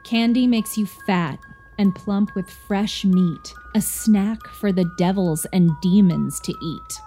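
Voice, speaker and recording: A woman's voice: mid-range voice, takes it slowly, warm tone, soft background music. A woman playing a snide, spiteful schoolteacher. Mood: smug. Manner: snide, scolding, biting. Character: spiteful sarcastic female schoolteacher.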